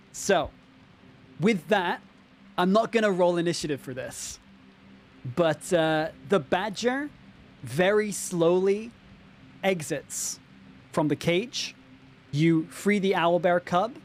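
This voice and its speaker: A man narrating a tabletop game as game master on a live stream, talking straight to the chat in a lively way. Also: fairly high pitch. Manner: lively, addresses chat directly, frequent fillers.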